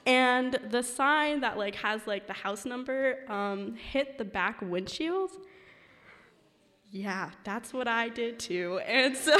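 A woman's voice: fairly high pitch, expressive, measured pace, a bit bright. A young woman telling a personal story to a live audience, chatty and full of fillers like "like" and "um". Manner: chatty, filler-heavy, many "like"s. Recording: long hall reverb.

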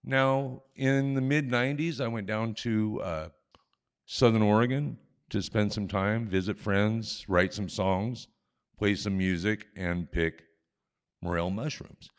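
Low-voiced older man telling a story. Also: slow, smooth. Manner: animated, chuckling, self-mocking. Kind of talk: live personal storytelling. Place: on stage at a live event. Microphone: stage microphone.

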